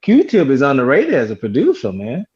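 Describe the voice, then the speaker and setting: A man in a casual podcast debate, talking in a relaxed, hesitant way and tacking "man" onto his sentences. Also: mid-range voice, moderate pace, slightly rough, highs cut off. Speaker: podcast co-host.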